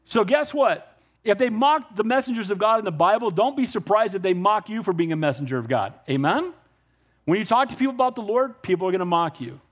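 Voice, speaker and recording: A male pastor with a high voice preaches a sermon, animated and brisk. He is emphatic yet conversational, firing off rhetorical questions and calls of "Amen?" to the congregation and acting out dialogue with unbelievers he has spoken to.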